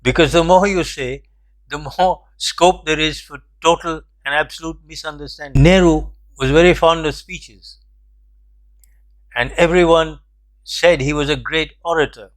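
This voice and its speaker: A man's voice: a little high, steady tone, a little slow. Older man telling a reflective anecdote. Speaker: host. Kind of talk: storytelling commentary.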